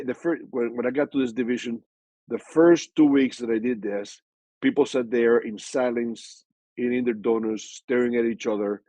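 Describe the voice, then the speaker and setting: An older man in his sixties with a slightly husky voice, answering interview questions casually. He talks in animated bursts and stumbles into frequent restarts and repeated words. The sound is dry and close. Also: mid-range voice, no echo, low-quality recording. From Hispanic background, from a Spanish-speaking country. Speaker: guest speaker.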